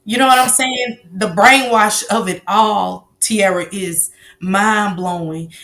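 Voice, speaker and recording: Woman host on a stream, soft and calming, medium pitch, checks in on the guest. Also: slow. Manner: gentle, calming, encouraging. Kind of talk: live-stream interview.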